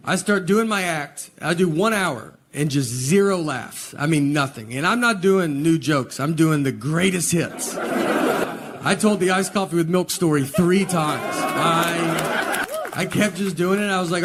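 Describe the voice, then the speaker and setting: A man in his forties with a Southern US accent telling stand-up stories in a deadpan style. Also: a little high, unhurried. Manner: deadpan storytelling. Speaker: stand-up comedian. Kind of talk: stand-up set. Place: comedy stage. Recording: noisy live venue recording. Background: audience laughter.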